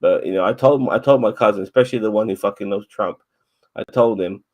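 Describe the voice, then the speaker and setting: A man's voice: lowish voice, a little fast, lo-fi sound. A man chatting casually as podcast co-host, rambling, swearing a lot and stumbling over repeated words. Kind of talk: casual chat.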